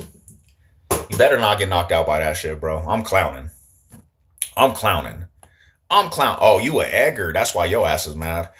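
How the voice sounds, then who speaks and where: A man's voice: fairly low pitch, a bit bright. A young man hosting a casual livestream, joking in slang and greeting viewers in the chat. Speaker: livestream host.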